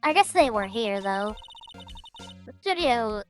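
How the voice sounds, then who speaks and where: A woman reading out a rambling, gossipy studio security guard with a high, light voice, chattering on about the crime scene as in a game. Faint music plays underneath. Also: animated, slow pace. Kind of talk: reading game dialogue aloud.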